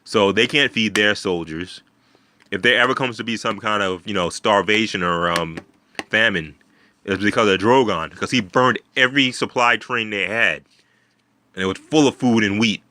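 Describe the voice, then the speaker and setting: A man's voice: fairly low pitch, normal speed, sharp tone. A man casually recapping a TV episode in a rambling way, with many fillers, restarts and swearing. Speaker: video host.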